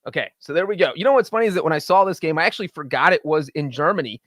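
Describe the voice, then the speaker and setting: Higher-pitched man giving dry-sounding NFL picks. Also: very fast, fairly bright tone, dry recording. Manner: confident, talks in full flowing points. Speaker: podcast co-host, NFL betting analyst. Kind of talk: casual sports betting chat.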